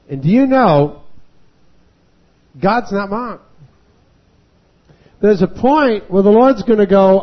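A man preaching a revival sermon, acting out voices and rising to shouting. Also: high voice, lively intonation, slow, long pauses, muffled recording. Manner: dramatic, acts out voices and rises to shouting.

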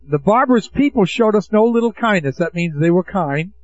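A man's voice: sits high, lively intonation, fairly quick. A man preaching a sermon, emphatic and throwing rhetorical questions to the congregation. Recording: dull lo-fi recording.

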